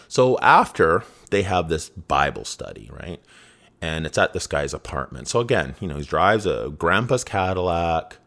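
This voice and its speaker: A man's voice: low voice, sing-song, moderate pace, fairly bright tone. A man around fifty, a podcast host telling a personal story in a rambling, profane, casual way, full of "right?" and "you know". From Vancouver, Canada. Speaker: true crime podcast host.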